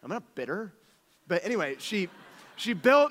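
This thirties-aged male pastor preaches through stories, shifting lively between gentle asides and outbursts. He pitches high, keeps a moderate pace, and is heard in a large hall.

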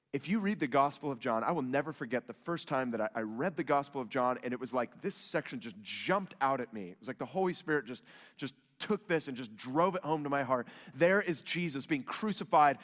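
A man preaching a sermon, swinging from loud emphatic rises to soft hushed lines. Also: mid-range voice. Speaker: pastor. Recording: long hall reverb.

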